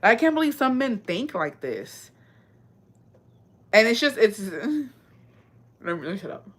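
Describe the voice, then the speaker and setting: A woman's voice: on the high side, very animated, a little slow, slightly rough. Blunt, profane woman chatting casually. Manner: blunt, profane, mixes in Spanish phrases. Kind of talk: casual chat.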